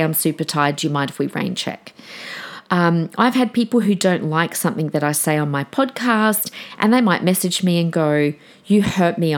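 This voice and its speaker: A deep-voiced woman in her forties talks straight to her listeners on her own podcast. She is chatty and frank, with a low, grounded pitch. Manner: chatty, direct, addresses listeners as guys. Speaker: podcast host. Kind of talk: solo podcast talk.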